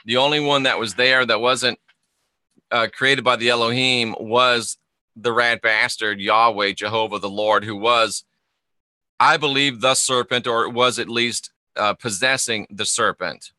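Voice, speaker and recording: A man's voice: medium pitch, steady tone, measured pace, pushed and bright, no room sound, clean studio sound. A middle-aged man, a spiritual teacher and former minister, delivering an emphatic monologue full of repetition and rhetorical questions. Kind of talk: preaching-style video monologue.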